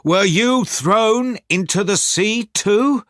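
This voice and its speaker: A man's voice: high voice, animated, measured pace, a bit bright, dry recording, clean studio sound, voice pushed up. A man doing a desperate shipwrecked professor. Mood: anxious. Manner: cries out in alarm.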